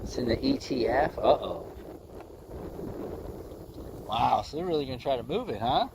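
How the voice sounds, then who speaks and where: A man's voice: medium pitch, sing-song, moderate pace, gravelly, a little mellow. A man hosting a fishing livestream from a windy lake, chatting casually and joking with his viewers, laughing often.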